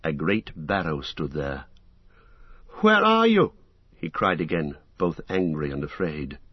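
A man reading a fantasy novel aloud with measured, dramatic storytelling. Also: a bass voice, slightly rough, no echo, highs cut off. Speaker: audiobook narrator. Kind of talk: scripted fantasy narration.

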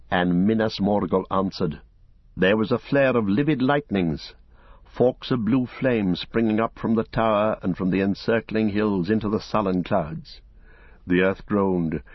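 A man reading a story aloud as an audiobook narrator, in a measured, dramatic storytelling manner. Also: on the low side, no room sound. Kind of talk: scripted narration. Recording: dull lo-fi recording.

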